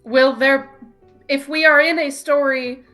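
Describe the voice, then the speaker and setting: A woman's voice: high-pitched, steady tone, unhurried, bright, forceful tone, faint music behind. A woman playing a tabletop game, playful and giggly, switching between acting and describing. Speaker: player. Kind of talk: tabletop role-play, in and out of character.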